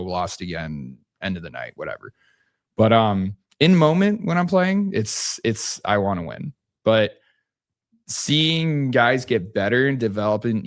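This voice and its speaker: A man's voice: fairly low pitch, no echo, clean studio sound. A young man coaching basketball, chatting on a podcast in a laid-back, rambling way with many restarts. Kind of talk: casual podcast chat.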